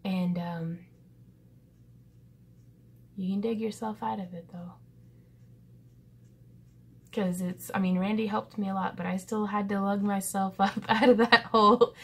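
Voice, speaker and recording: Gravelly, husky woman in her thirties, rambling. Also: medium pitch, fairly even intonation, a little slow, pauses often. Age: 30s. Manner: rambling and earnest, with frequent laughs and fillers. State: pensive. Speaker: vlogger. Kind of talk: casual reflective vlog talk.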